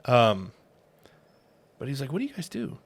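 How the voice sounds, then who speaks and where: A man co-hosting a casual podcast, telling a story in a relaxed, halting way. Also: on the high side, creaky, slightly rough. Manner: telling a story with fillers and restarts. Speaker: podcast co-host.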